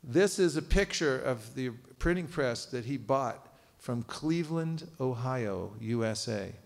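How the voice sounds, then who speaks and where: A man's voice: medium pitch, measured pace, creaky. A man giving a live seminar lecture, quizzing his audience and cracking jokes. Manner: lively, quizzes audience, joking asides. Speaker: seminar teacher. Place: temple cultural hall.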